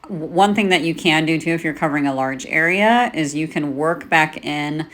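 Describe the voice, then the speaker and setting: Low-voiced woman demonstrating makeup. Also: normal speed. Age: 40s. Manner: relaxed, talks while working, with "um" fillers. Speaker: makeup artist. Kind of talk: casual tutorial demonstration.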